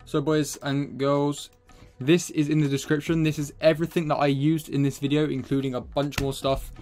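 A man's voice: on the high side, flat delivery, fairly quick, darkish tone, faint music behind. A young man hosting a casual editing tutorial, rambling and chatty, a bit out of breath, calling his viewers boys. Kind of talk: casual screen-recorded tutorial.

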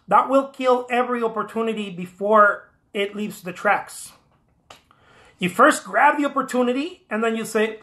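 Male artist-coach, motivational to camera, punchy and repetitive, forceful bright tone. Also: sits high, animated, normal speed. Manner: emphatic, repeats key phrases, acts out quoted voices. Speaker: artist giving career advice.

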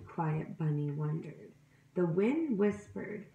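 Animated woman reading a picture book. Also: mid-range voice, slow pace. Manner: animated, makes animal sounds, asks the listeners questions. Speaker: storyteller. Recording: roomy echo.

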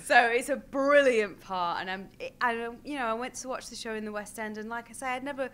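An actress chatting as a guest in an interview, animated and laughing often. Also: female voice, a little high, a little fast, clear, resonant tone. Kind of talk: casual chat.

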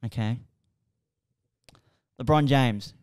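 A man's voice: mid-range voice, very slow, smooth, dry recording. A young man co-hosting a casual podcast chat, laid-back and giving short replies. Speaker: podcast co-host.

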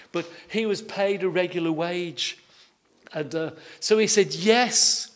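A high-voiced man preaching a sermon in an easy storytelling manner. He often repeats his words as he goes. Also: a little slow. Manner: homely, anecdotal, repeats words. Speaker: pastor.

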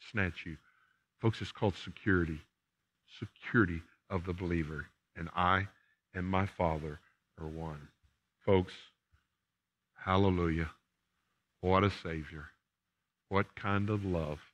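A man's voice: low-pitched, a bit bright. An older man, a pastor preaching a sermon and then praying, emphatic and repeating phrases for emphasis. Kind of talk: sermon and closing prayer. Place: church sanctuary.

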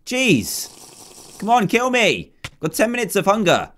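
A young man gives playful gameplay commentary, pleading with and teasing the game as he goes. His voice sits a little high and swings widely in pitch. He talks casually, with a bright, joking energy. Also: huge pitch swings, slow pace. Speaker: gaming YouTuber.

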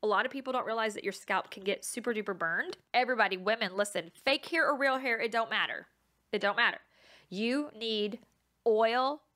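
A woman's voice: fairly high pitch, a little fast, fairly bright tone. A woman hosting her own podcast, telling stories in a chatty, self-mocking way and laughing often. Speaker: podcast host. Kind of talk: casual storytelling monologue.

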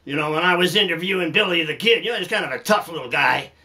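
A man's voice: on the high side, fast talker, pushed and bright. A man hosting a music lesson, telling folksy jokes in a chuckling, rambling way, full of "you know"s and laughing at his own punchlines. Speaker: music teacher and host.

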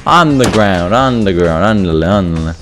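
A man giving animated gameplay commentary over voice chat, swinging between mumbled asides and loud yelling. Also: low voice, unhurried, soft background music. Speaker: gaming YouTuber.

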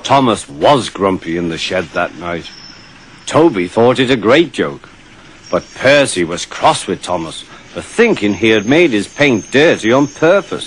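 A man narrating a children's storybook in an expressive, storytelling way, with music behind. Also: on the low side, unhurried, a little hiss or hum.

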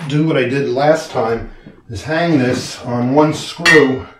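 A man's voice: medium pitch, takes it slowly, a bit bright. Man, casual how-to narrator, self-mocking, explains as he works; roomy echo, faint background noise. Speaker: do-it-yourself video maker. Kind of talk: casual narration while working. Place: indoor room being set up as a studio.

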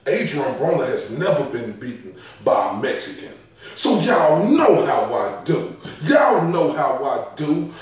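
A man's voice: high-pitched, far from the mic. A man ranting angrily about boxing in a profane, heated vlog commentary. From Dallas area. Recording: echoey room, voice off-mic.

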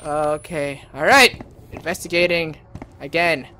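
A man's voice: fairly high pitch, a little slow, pushed and bright, a little hiss or hum. A young man commentating a horror game let's play, swearing freely and screaming at jump scares. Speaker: gaming channel host.

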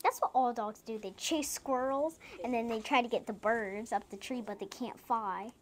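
A woman reading children's picture books aloud, chatting between pages and playing up the sound words in a lively, sing-song way. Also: fairly high pitch, normal speed, slight background noise. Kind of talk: storybook read-aloud with casual chat.

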